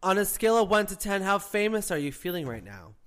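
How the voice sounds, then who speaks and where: A man co-hosting a casual talk show, telling animated stories and acting out other people's voices. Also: sits high, quick pace. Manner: animated storyteller who acts out voices. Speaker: co-host.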